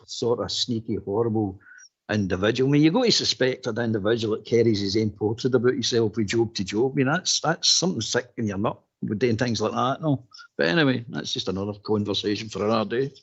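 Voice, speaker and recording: A man talking football in casual chat, animated, repeating himself and laughing mid-sentence. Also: on the low side, a little fast, slightly rough. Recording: dull lo-fi stream audio.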